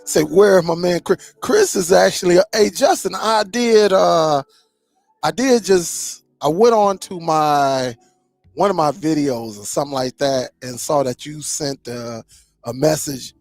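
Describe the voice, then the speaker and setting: Guy hosting a live stream, gravelly voice, kinda high, dry close sound. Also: darkish tone, dry recording. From Michigan. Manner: laid-back, greets viewers by name, slangy. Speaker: streaming channel host. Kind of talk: casual live-stream chat.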